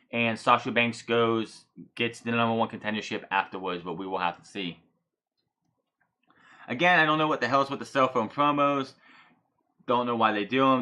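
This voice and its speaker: A man's voice: mid-range voice, pushed and bright. A man hosting a casual solo wrestling review podcast, ranting heatedly with lots of swearing and frequent stumbles and restarted words.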